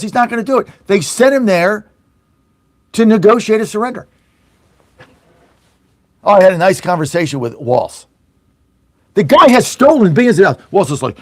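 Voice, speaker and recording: A man's voice: high-pitched, no room sound, clean studio sound. A middle-aged man hosting a political talk radio show, ranting angrily and sarcastically, swearing bluntly and mocking his opponents. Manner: blunt, swears, repeats for emphasis.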